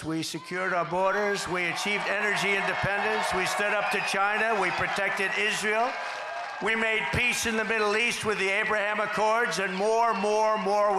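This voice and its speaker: A man giving a campaign rally speech in a boastful, rambling, repetitive way, sometimes shouting to the crowd. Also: high-pitched. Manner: boastful, repetitive, rambling, quoting others in asides; shouting to a cheering crowd at times. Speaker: political candidate at a rally. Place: large rally venue. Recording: echoey venue with faint background noise.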